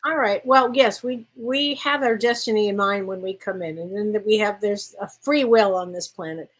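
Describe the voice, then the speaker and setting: A woman co-hosting a casual chat show, telling stories in an animated, laughing way. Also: mid-range voice, moderate pace, rough recording. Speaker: co-host, psychic. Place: rural home.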